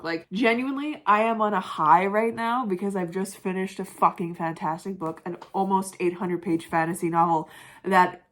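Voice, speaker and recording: Brief: young woman book vlogger, chatty and emotional, quick to laugh, curses casually. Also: mid-range voice, a bit bright. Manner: emotional, swears freely, laughs often. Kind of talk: casual vlog chat.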